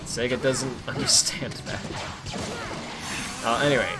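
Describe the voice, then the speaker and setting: A young man giving loose, casual commentary over a game stream, rambling and correcting himself mid-sentence. His voice sits at an ordinary pitch, and game music plays clearly behind him. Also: steady tone, a little slow. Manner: rambling, filler-heavy, self-correcting.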